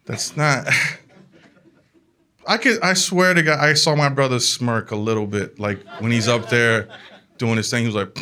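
A man telling a comic family story in an animated way, laughing along as he talks. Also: mid-range voice, measured pace, pauses often. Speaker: comedian. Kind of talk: comedic storytelling.

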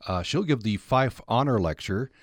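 A man with a Utah accent hosting a radio interview, relaxed and conversational with many fillers. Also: medium pitch, moderate pace, no echo, studio quality. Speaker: radio host. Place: radio studio. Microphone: studio microphone.

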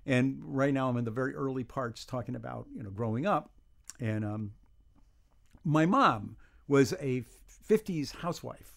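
This humor writer from New York, in his seventies, has a creaky, slightly bright medium-pitched voice at normal speed. Chatting casually as a radio interview guest, he rambles through stories with wry self-deprecation.

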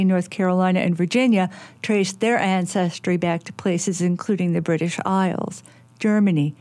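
A woman radio reporter reading a news feature in a measured, clear manner. Her voice sounds close and dry, with no room sound. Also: on the low side, darkish tone, dry recording. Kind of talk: scripted news narration.

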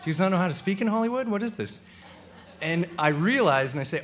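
A young man spins a funny personal story for a live crowd, his voice sitting a little high and swinging widely in pitch. He plays out the people he quotes, with a faint hum of the room behind him. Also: quick pace. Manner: animated, comic, acts out the people he quotes.

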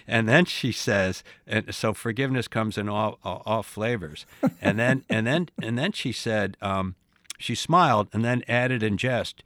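A man in his late sixties telling a story in casual chat, animated, often stumbling and repeating words. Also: lowish voice, measured pace, no room sound. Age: 60s. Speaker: podcast co-host.

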